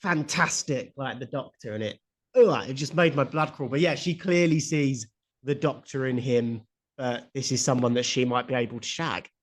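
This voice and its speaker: A man's voice: mid-range voice, normal speed. A man co-hosting a casual chat, laughing often and throwing in blunt, crude asides. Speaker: podcast co-host.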